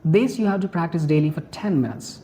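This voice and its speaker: Indian english teacher doing a pronunciation lesson, patient, repeats stuff, mellow voice. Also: medium pitch, expressive, a little hiss or hum. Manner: patient and explanatory, repeats points and spells out examples slowly.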